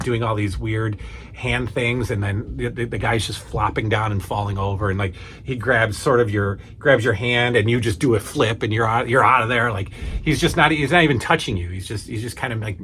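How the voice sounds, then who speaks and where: A man's voice: fairly low pitch, normal speed, fairly bright tone, slight background noise. A man casually talking to camera, rambling with lots of fillers and restarts. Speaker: movie collection vlogger.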